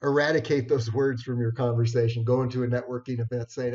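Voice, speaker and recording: A man giving an informal talk on networking skills, unhurried, with many fillers and restarts. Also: mid-range voice, level tone, darkish tone. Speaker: networking presenter. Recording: dull lo-fi recording.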